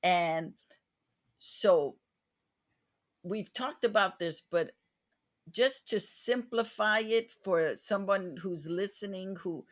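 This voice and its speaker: A woman's voice: medium pitch, slow pace, long pauses. Reflective woman hosting an interview. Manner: earnest, reflective, many restarts. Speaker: podcast host. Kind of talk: casual interview chat.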